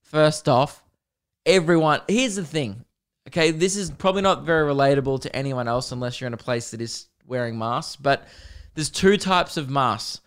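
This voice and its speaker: A man's voice: mid-range voice, animated, normal speed, smooth. An Australian man hosting a podcast, telling comedic stories in a chatty, joking way straight to his listeners on a close microphone. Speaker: podcast host. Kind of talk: comedic storytelling monologue.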